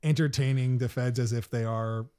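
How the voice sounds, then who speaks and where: A man's voice: mid-range voice, fairly even intonation, moderate pace, warm tone, clear, resonant tone. A man hosting a casual podcast, rambling about a film scene with lots of restarts. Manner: rambling, many restarts and fillers. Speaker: podcast host.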